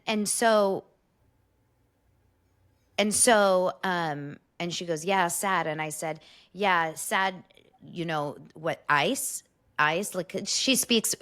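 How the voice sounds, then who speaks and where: A woman co-hosting a podcast in casual chat, rambling and halting with frequent restarts. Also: deep voice, fairly bright tone. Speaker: podcast co-host.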